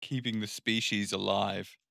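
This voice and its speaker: Low, bright-toned podcast co-host man. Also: fairly even intonation, measured pace, vocal fry, no room sound, clean studio sound. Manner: laughs easily, swears casually, steers the talk. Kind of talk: casual chat.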